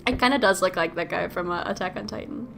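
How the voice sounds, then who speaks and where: A woman's voice: lowish voice, quick pace, gravelly, over music. A woman streaming a video game live, joking and giggling as she comments. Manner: playful, giggly, jokey. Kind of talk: gaming livestream commentary.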